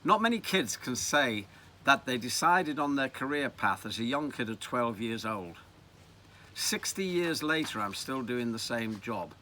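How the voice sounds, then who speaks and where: A man in his seventies with a Liverpool accent, telling reminiscences in a wry, animated way. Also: medium pitch, a little slow, a little hiss or hum. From Liverpool, England. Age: 70s. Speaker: storyteller. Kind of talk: reminiscing narration.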